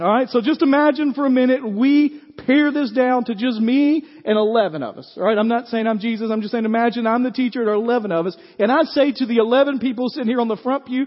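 A man's voice: very high-pitched, in a large hall, lo-fi sound. A middle-aged man, preaching a folksy sermon to his congregation and checking in with them often with "right?". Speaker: pastor. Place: church sanctuary.

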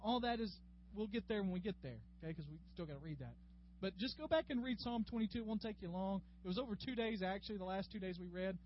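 A man's voice: high voice, lively intonation, fast. A man teaching a conversational Bible class, chatty and folksy, calling on class members by name. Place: classroom with a group. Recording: dull lo-fi room recording with faint hum.

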